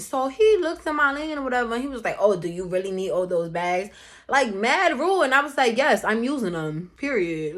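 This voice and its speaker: Woman vlogger, slightly high voice, heated, profane storytelling. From Brooklyn, New York. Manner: blunt, profane, heated retelling. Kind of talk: casual storytime.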